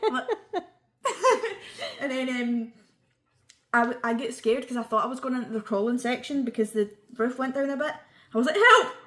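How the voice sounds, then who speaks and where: Brief: young Scottish woman, storytime vlogger, animated and laughing, slightly high voice. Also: moderate pace. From Scotland. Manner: animated, laughing, acts out quotes. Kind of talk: casual storytime chat.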